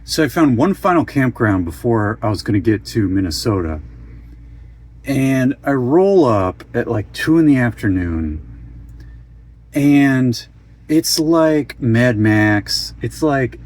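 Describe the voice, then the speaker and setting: A man's voice: medium pitch, animated, slow, a little mellow. A man from Oregon giving a casual, rambling video update from inside his van, with goofy self-mocking asides. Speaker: van life vlogger.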